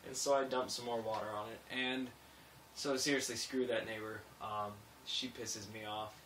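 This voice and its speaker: A young man vlogging casually, rambling and self-mocking, swinging between low mumbles and sudden loud bursts. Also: steady tone, moderate pace, slight background noise. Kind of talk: casual vlog monologue. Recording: roomy echo, a bit distant from mic.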